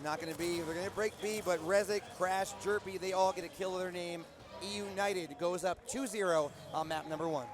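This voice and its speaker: A man giving energetic play-by-play on a live esports match, rising in pitch as the action peaks. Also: a little fast, music in the background. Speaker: esports commentator. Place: live esports arena with a loud crowd. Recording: loud crowd behind the voice.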